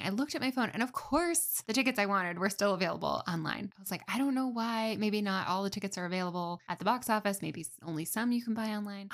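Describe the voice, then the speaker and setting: A young woman hosting her own podcast, telling a personal story in a chatty, self-deprecating way full of fillers. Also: mid-range voice. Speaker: podcast host. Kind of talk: casual solo storytelling.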